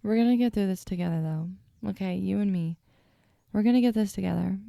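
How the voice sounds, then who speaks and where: A woman's voice: mid-range voice, fairly quick, creaky, dark tone, dry recording, studio quality. A young woman hosting a podcast, telling stories in a chatty, self-deprecating way, sleepy and yawning, with a stutter at times. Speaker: podcast host. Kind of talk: casual solo storytelling.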